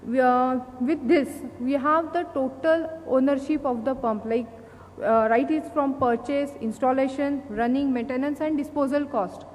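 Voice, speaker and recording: A woman with an Indian English accent giving a conference presentation, halting often with fillers and restarts. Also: sits high, steady tone, a little mellow. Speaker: company speaker at an industry event. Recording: long hall reverb, faint noise.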